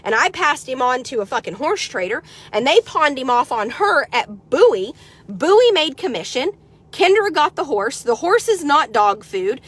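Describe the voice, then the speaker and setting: A middle-aged woman from the United States, ranting sarcastically in a vlog and swearing constantly, swinging from loud outbursts to low mutters. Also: sing-song, moderate pace, husky. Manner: heavy swearing, sarcastic, combative. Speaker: horse trader vlogger.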